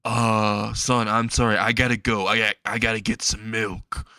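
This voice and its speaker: A man's voice: fairly low pitch, flat delivery, normal speed, sharp tone, dry recording, clean studio sound. A man voicing an evasive, flustered father who stammers excuses.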